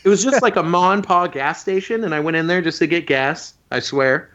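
Over dull, lo-fi audio, this podcast co-host spins stories in a casual conversation, bringing the characters to life by performing their voices. He speaks briskly, in a voice that runs fairly high.

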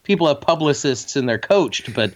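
A man's voice: mid-range voice, normal speed. A man co-hosting a podcast, telling crude comic stories and jumping into voices for the people he quotes. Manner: animated storyteller, does voices in quotes. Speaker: podcast co-host. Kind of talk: crude comedic banter. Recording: muffled lo-fi podcast audio.

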